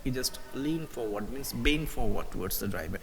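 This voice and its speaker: A man's voice: mid-range voice, lively intonation, normal speed, big-room sound, slight background noise, poor audio. A male teacher with an Indian English accent who reads a story aloud during a live class, then explains it, often repeating himself and using fillers. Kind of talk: live English literature lesson.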